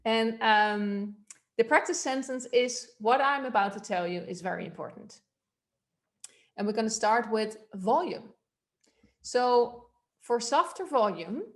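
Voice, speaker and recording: Female voice coach, mid pitch, casual explanatory delivery with ums and uhs. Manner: relaxed, explanatory, with fillers. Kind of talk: teaching a voice workshop.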